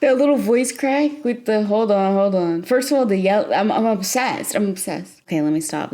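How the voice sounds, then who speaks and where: A woman's voice: medium pitch, moderate pace, hardly any pauses, a little mellow. A young woman chatting casually in a late-night vlog, rambling and playful, breaking into squeals and laughter. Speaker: vlogger.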